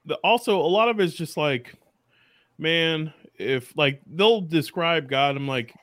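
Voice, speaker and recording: A man chatting on a podcast, riffing in a joking, animated way. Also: on the high side, a little slow, dry recording. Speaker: podcast guest or co-host. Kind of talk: casual chat.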